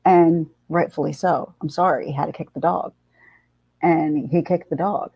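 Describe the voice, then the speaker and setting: Gravelly low-voiced woman telling a story. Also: moderate pace, no echo. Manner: blunt, swears freely, animated retelling. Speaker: livestream host. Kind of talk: casual storytelling chat. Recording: dull lo-fi sound.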